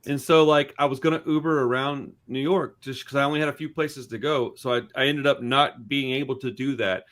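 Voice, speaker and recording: A man's voice: mid-range voice, fairly quick. A man co-hosting a podcast, telling a story in casual, profane chat and acting out the dialogue. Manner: animated, profane, acts out dialogue. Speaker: podcast co-host.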